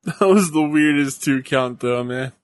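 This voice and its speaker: A man's voice: mid-range voice, unhurried, smooth, no room sound. Teasing man in a dry room. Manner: easygoing, teasing, laughs often. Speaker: podcast co-host. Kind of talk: casual chat watching wrestling.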